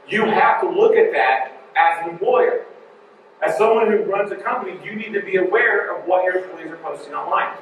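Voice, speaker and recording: A man with a high voice gives a conference talk in a jokey, animated way. He sounds far from the mic, and his voice rings through a large, very echoey hall. A faint room ambience hums behind him. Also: moderate pace, narrow, tinny audio, a little hiss or hum. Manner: joking, animated, digressive. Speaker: conference speaker.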